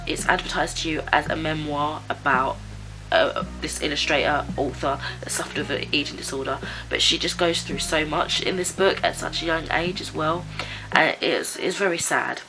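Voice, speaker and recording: A woman with a raspy, stuffed-up voice from a cold, chatting casually through a book review with lots of fillers and restarts. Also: low voice, rough recording. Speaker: book vlogger. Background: background music.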